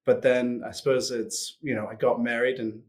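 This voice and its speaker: A man's voice: mid-range voice, level tone, moderate pace. A man in his forties, raised between the US and Switzerland, talking casually as an interview guest, with many restarts and fillers. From Switzerland and US upbringing. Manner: hesitant, frequent restarts and fillers. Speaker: guest, sales executive.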